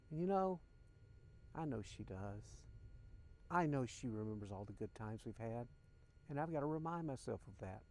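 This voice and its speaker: A man's voice: fairly high pitch, mellow. An older man hosting a podcast, speaking in an earnest, emotional personal monologue and addressing listeners directly. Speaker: podcast host.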